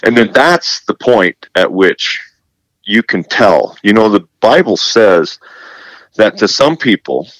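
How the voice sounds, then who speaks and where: Lively storytelling man, deep, dry. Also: slow, no room sound, low-quality recording. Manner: animated storyteller who acts out quoted dialogue; repeats words and restarts. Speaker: guest, television presenter. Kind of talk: casual faith interview.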